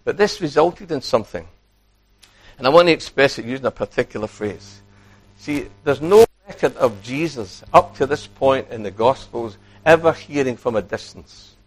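A man preaching a sermon, animated, acting out quoted speech and putting questions to his listeners. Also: mid-range voice, normal speed.

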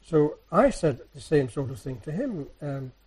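A man giving a sermon, a soft-spoken, rambling storyteller who retells everyday encounters. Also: fairly high pitch, big pitch swings, measured pace, husky, low-quality recording. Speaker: church speaker. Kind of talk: anecdotal sermon.

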